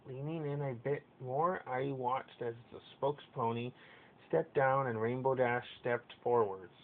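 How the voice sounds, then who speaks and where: A man narrating a fan story aloud in a steady reading with occasional stumbles. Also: measured pace. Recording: tinny lo-fi with faint rumble.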